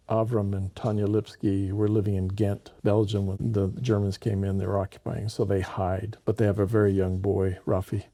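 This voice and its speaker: A man telling a true story in an animated way and acting out the voices of the people in it. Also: on the low side.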